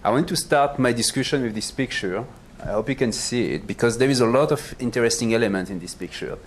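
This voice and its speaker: A man with a French accent and a cold, giving a public science talk as a planetary astronomer, halting with fillers and joking about himself. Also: mid-range voice, a little hiss or hum. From France. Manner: self-deprecating, halting with many fillers. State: has a cold, voice worn. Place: auditorium stage.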